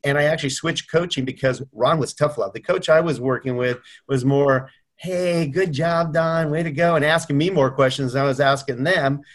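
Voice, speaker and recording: A man's voice: medium pitch, fairly quick, hardly any pauses. Earnest middle-aged man telling stories. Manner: earnest storytelling, acts out quoted voices. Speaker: mortgage company owner. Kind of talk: video call tribute chat. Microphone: video call.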